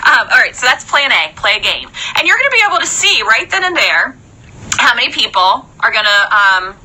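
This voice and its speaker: A young woman in a chatty, animated live-stream coaching talk, often checking in with "okay?". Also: fairly high pitch, a little fast, rough recording. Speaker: sales trainer.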